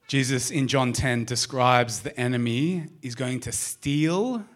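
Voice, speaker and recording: A man with an Australian accent preaching a sermon, speaking straight to the congregation with lively questions. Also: medium pitch, measured pace. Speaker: pastor. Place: church service.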